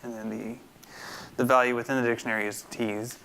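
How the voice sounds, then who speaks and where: Male instructor, screencast coding tutorial, gravelly yet crisp tone, bright voice, talks through his steps. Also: medium pitch, level tone, brisk, slight background noise. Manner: thinks aloud, many fillers and restarts.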